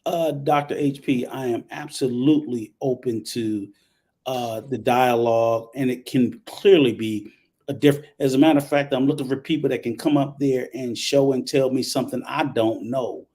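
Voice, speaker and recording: A man's voice: mid-range voice, fairly even intonation, moderate pace, mellow. A man hosting a casual online talk show, speaking in a conversational, emphatic way. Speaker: host.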